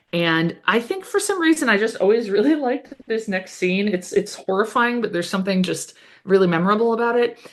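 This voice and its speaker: A woman's voice: lowish voice, a bit bright. A woman co-hosting a podcast, recapping an episode in casual chat with lots of "like" and "um". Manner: chatty, many "like" and "um" fillers.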